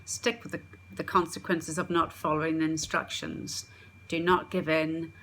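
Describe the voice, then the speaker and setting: A parenting coach with a notably low voice gives earnest advice in a steady instructional talk at normal speed. She circles back to repeat her key points, and a faint hiss of noise sits behind her.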